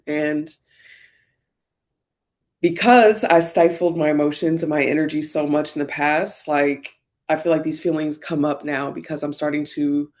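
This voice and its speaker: A woman vlogger talking candidly and reflectively while getting ready, often using fillers and sometimes close to tears. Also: low-pitched. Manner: reflective, soft-spoken, many fillers; emotional, near tears at times. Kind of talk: candid get-ready-with-me talk.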